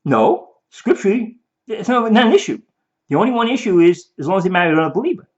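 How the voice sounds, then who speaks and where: Here a fast-talking man with a high, expressive voice rambles emphatically in video commentary. He often repeats himself, restarts, and mock-quotes the people he argues against, over dull lo-fi audio.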